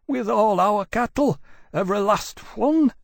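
A man's voice: takes it slowly, creaky, slightly rough, no room sound, studio quality, full character voice. A man voicing a frightened older male villager who gasps and trembles as he pleads. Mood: trembling. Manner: high, gasping and trembling.

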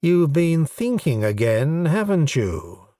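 A man reading a story aloud, voicing a sharp-tongued, teasing female advisor with a sardonic, mocking manner. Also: on the high side, big pitch swings, takes it slowly, dry recording, studio quality, voice pushed up. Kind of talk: audiobook character voice.

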